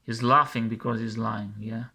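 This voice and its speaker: A man's voice: fairly low pitch, fairly even intonation, normal speed, creaky, over music. A man commenting scornfully over a video he plays, mocking and scolding its makers and often repeating himself.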